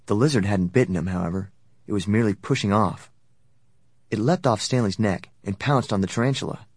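A man narrating a novel in a steady, even storytelling voice that sits low. The recording is dry and close, with no room around it. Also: brisk, no echo. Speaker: audiobook narrator. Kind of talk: scripted narration.

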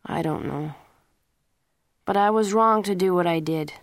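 A woman's voice: on the low side, measured pace, creaky, dry recording, studio quality. A woman reading the lines of a teenage boy who earnestly apologizes to his parents. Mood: apologetic.

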